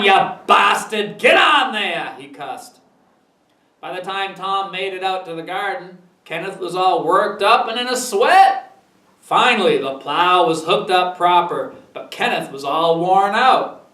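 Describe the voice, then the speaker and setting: A man's voice: on the high side, a bit bright, reverberant, far from the mic, rough recording. A man with a Maine accent reading his humor book aloud in an easygoing, folksy way. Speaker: storyteller.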